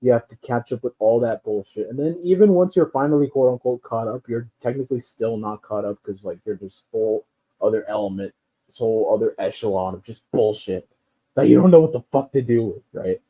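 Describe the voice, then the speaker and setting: A briskly paced, slightly rough medium-pitched voice belongs to a man on a casual rant. His talk wanders and turns profane, full of fillers and laughter, on a dull lo-fi recording.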